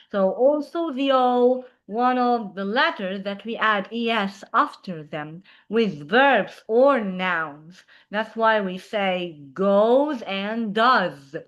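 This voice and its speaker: A woman's voice: on the high side, a bit bright. A woman teaching a beginner grammar lesson, explaining patiently and often saying "yeah". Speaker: English teacher.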